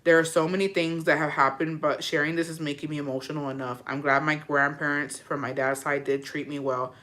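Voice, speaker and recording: Bright-voiced woman giving frank advice. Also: low voice, little pitch movement, fairly quick. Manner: frank, slangy, swears freely, calls listeners bestie. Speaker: podcast host giving advice. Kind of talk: casual advice chat, reading listener letters.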